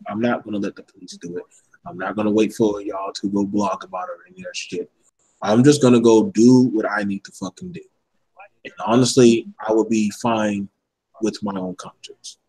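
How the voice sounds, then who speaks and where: A man's voice: on the low side, gravelly, darkish tone, rough recording. A man in a casual panel discussion, speaking bluntly and heatedly, with plenty of swearing.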